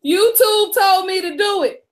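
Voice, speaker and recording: Woman, high voice, slangy joking livestream chat, teasing, drawn-out lines.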